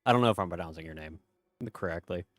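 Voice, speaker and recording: A man's voice: deep voice, quick pace, dry recording, clean studio sound. A man streaming a game, chatting casually and reading chat aloud in a laid-back, profane way.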